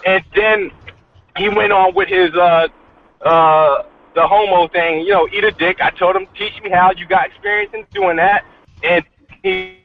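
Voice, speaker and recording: A man telling his side of a heated argument in halting, profane casual talk, often repeating himself. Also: sits high, slight background noise. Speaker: guest in a dispute. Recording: tinny phone-like call audio.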